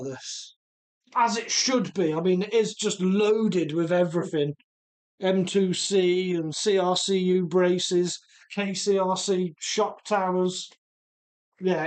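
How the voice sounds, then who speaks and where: A middle-aged man from Telford, chatting casually while repairing a remote-control car and reading out viewer comments. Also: sits high. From Telford, English Midlands. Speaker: RC car channel host.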